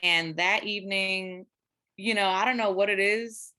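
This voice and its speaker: A young woman co-hosting a podcast, telling a personal story in relaxed casual chat. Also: medium pitch, unhurried. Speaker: podcast co-host.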